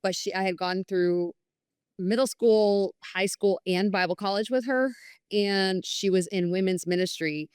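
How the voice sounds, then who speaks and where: A woman's voice: mid-range voice, a little slow, darkish tone, clear, resonant tone, no room sound, clean studio sound. A woman from New York telling her personal story as a guest, earnest and candid, often quoting herself and others in conversation. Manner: earnest, candid storytelling with frequent "I was like" and quoted dialogue. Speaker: podcast guest.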